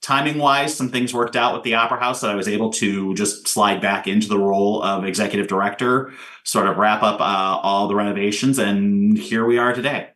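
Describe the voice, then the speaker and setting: A man's voice: lowish voice, fairly even intonation, fairly quick, fairly bright tone. A man from Indiana, a theater director, talking casually about his career as an interview guest, rambling with many fillers.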